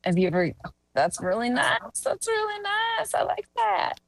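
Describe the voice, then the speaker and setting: Chatty woman improviser, very lively pitch. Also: normal speed, vocal fry, over a noisy crowd. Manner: chatty, many fillers and restarts. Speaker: improv performer. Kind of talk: live improv comedy scene.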